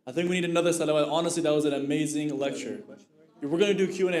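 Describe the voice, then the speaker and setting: Quick-talking male host in an echoey hall. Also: fairly high pitch. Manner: quick, upbeat, mixes in Arabic blessings. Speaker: event host. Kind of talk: hosting announcements. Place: mosque hall.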